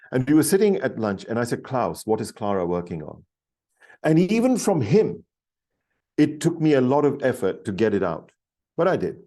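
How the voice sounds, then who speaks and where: A middle-aged man telling a story as a podcast guest, animated and enthusiastic, often restarting his sentences. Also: medium pitch. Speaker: podcast guest, leadership author. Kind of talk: storytelling in an interview.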